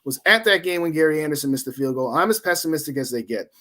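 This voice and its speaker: A man's voice: fairly high pitch, animated, fast talker, a bit bright. Opinionated man in his forties. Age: 40s. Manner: opinionated, rambling rants. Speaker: podcast co-host. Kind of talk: casual sports talk.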